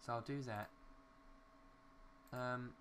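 Taking it slowly, a young man speaks in a mid-range, slightly bright voice with fairly even intonation and a bit of hiss or hum. He's a gaming YouTuber building in a city game, chattering casually to himself and mildly cursing at glitches.

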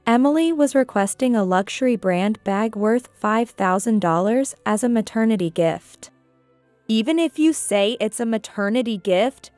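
A woman reading a scripted first-person story in a measured, even way. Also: on the high side, dry recording. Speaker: narrator.

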